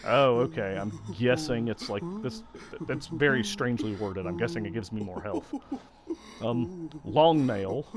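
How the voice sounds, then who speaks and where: A man's voice: medium pitch, lively intonation, a little slow, crowd noise. Musing, apologetic male game commentator. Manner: musing, self-deprecating, apologetic. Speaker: let's play host. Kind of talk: casual gameplay commentary.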